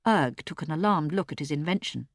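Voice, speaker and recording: A woman narrating a children's storybook in an expressive, lively way, recorded close on a studio mic. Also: low-pitched, brisk, no echo. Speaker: audiobook narrator.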